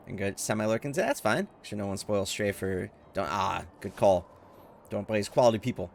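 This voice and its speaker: A man streaming his reaction to a game, excitable and quick to exclaim, often laughing. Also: lowish voice, creaky, slight background noise. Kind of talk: casual video game reaction.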